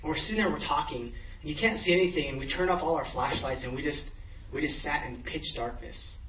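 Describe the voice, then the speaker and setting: A man's voice: fairly high pitch, a little fast. A man in middle age preaching a sermon as pastor, casual storytelling with frequent restarts. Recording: echoey, distant, dull room sound.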